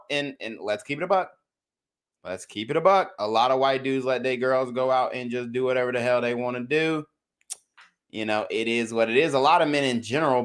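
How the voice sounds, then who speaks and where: Male podcast host, blunt and slangy, lectures while he reacts, average pitch. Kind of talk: reaction commentary.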